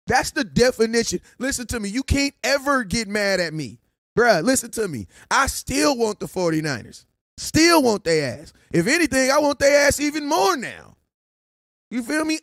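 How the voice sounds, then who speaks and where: A young man talking fast and loose on a sports stream, his voice riding high and swinging widely. He jokes and laughs through the rant, and the sound is close and dry. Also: no echo. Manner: animated, laughing, joking. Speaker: sports vlogger. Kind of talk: casual livestream rant.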